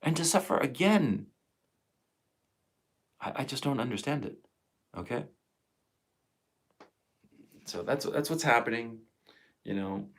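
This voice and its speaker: A man's voice: medium pitch, animated, takes it slowly, pauses often. A man in his fifties ranting on a live stream, emotional and profane. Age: 50s. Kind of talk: angry live stream monologue.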